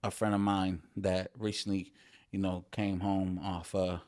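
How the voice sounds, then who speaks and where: A man's voice: sits low, flat delivery, measured pace, a little mellow. A man, a rapper guest on a podcast, talking in a laid-back way with many fillers and some swearing. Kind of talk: casual podcast chat.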